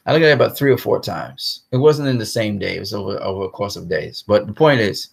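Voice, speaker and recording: A man's voice: on the low side, fast talker, vocal fry, slightly rough. A man delivering a blunt, profane movie-commentary rant, repeating himself for emphasis. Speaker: commentary host. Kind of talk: ranting film commentary vlog.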